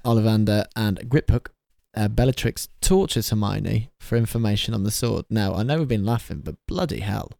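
A man's voice: on the low side, moderate pace, creaky, few pauses, a little mellow, no echo. A man casually recapping a film with friends, laughing often and hesitating with many fillers. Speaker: podcast co-host recapping a film. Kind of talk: casual chat.

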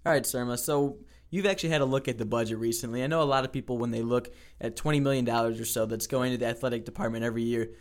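A man's voice: mid-range voice, fairly even intonation. A young man hosting a casual campus sports podcast, upbeat and easygoing. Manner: upbeat, quick, casual presenting. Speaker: podcast host.

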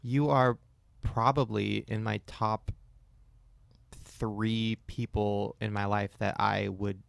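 Gravelly young man, teasing podcast co-host. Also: on the low side, flat delivery, takes it slowly, no room sound. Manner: teasing, joking, loud laughs. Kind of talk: casual podcast chat.

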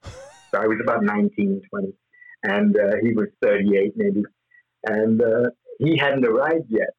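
A man's voice: fairly low pitch, steady tone, measured pace, breathy edge, phone-quality sound. A man as interview guest, telling rambling stories with frequent laughs and fillers. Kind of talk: anecdotal interview storytelling.

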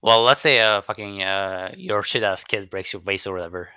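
A man's voice: fairly low pitch, fairly even intonation, normal speed, pushed and bright, clear, resonant tone, no echo, studio quality. A man guesting on a podcast in casual chat, blunt and crude, laughing along with the host.

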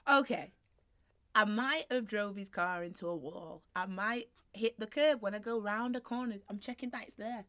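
A woman co-hosting a casual podcast, laughing often and telling stories with squeaky impressions. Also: unhurried, fairly bright tone, no room sound. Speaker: podcast co-host. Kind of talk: casual chat.

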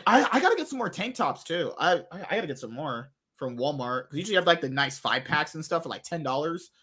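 Husky-voiced man in lively crude banter. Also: a little high, fast. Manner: rambling, joking, lots of restarts and swearing. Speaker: podcast host and streamer.

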